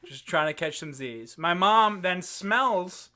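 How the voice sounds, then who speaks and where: A man's voice: sits high, expressive, slow pace, pushed and bright. A young man telling stories on a casual podcast chat, laughing often as he talks. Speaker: podcast co-host.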